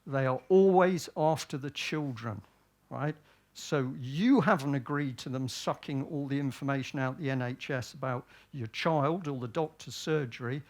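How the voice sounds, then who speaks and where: A man's voice: mid-range voice, normal speed. A man from Britain giving a public talk, often asking himself rhetorical questions and answering them. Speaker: speaker at a public event.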